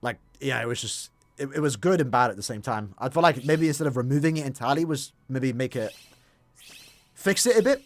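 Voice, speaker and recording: Lively young male game streamer. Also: mid-range voice, a little fast, no echo. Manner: chatty, restarts words, laughs easily. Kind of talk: casual live-stream chat.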